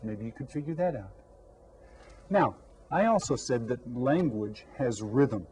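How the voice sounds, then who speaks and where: A man with a mellow, darker voice leads a scripted Spanish lesson for young children. He speaks slowly and clearly, asks questions and leaves room for answers. There is a faint hiss in the background. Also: medium pitch, expressive, poor audio. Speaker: elementary Spanish teacher.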